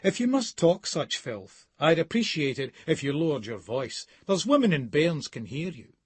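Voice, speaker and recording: A man's voice: fairly high pitch, big pitch swings, moderate pace, breathy edge, no room sound, voice pushed up. A man voicing a prim, indignant middle-aged male passenger, stiff and self-righteous.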